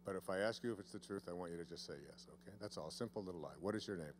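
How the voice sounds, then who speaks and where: A man's voice: deep voice, a little hiss or hum. A man speaking at a live seminar, teasing a volunteer and drawing out key words as he leads a demonstration. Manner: playful, teasing, drawn-out emphasis. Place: seminar room with live audience. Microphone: handheld mic held by a volunteer.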